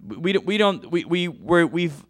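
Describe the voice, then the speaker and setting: A man's voice: fairly high pitch, sing-song, moderate pace. A middle-aged man preaching a passionate sermon, full of restarts and repetitions. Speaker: pastor.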